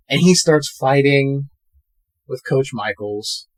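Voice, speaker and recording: A man co-hosting a podcast, casually recapping a film scene by scene and acting out characters' lines in quick put-on voices. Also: medium pitch. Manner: retells scenes with animated quoted voices. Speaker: podcast co-host. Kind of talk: casual movie recap chat.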